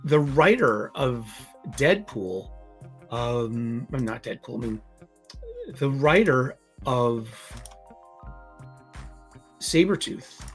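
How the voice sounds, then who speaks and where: A man hosting a casual comics livestream, talking in a rambling, halting way with many fillers and restarts. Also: mid-range voice, expressive, soft background music. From Boston area. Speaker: comics review livestream host.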